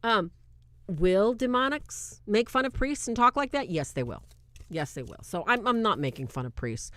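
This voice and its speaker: A woman hosting a casual movie review, talking in an animated, incredulous way and often breaking into laughter. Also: medium pitch, normal speed, no room sound. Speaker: video host.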